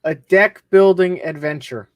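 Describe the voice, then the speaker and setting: A man's voice: a little high, a little slow, no room sound, highs cut off. Male co-host, laid-back explainer, reads text aloud; dry close recording. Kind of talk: casual chat.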